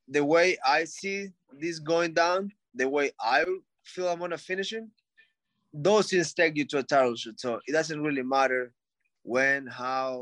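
A man's voice: fairly high pitch, fairly bright tone, dry recording. A young adult man, a fighter being interviewed, speaking bluntly with lots of swearing and fillers. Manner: blunt and profane, frequent "like" and "you know". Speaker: fighter guest. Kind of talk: casual interview talk.

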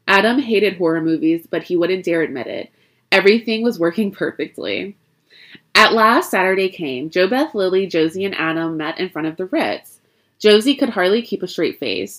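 A woman reading a spooky story aloud in an expressive, chatty way, breaking off now and then for playful asides. Her speaking voice sits a little low for a woman, and she tumbles over a word here and there before carrying on. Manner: expressive, chatty, stumbles and laughs at her own jokes.

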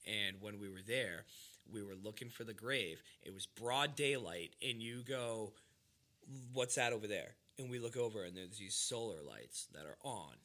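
A man with a bright, forceful tone and a fairly low pitch talks in a loose podcast chat. He is from Massachusetts, rambles and swears freely, and leans on "like" and "dude". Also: animated, normal speed. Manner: rambling, profane, fillers like "like" and "dude". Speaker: podcast host. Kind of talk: casual storytelling chat.

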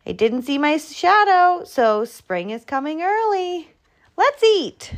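Lady doing a squeaky sly groundhog guy, eager and hungry, storybook voice. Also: big pitch swings, measured pace. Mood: excited. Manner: eager, calling out high and bright. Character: hungry, lonely, sly young male groundhog.

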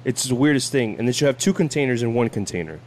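A man hosting a casual chat, an animated storyteller who laughs often and acts out quoted lines. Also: medium pitch, fast, slight background noise.

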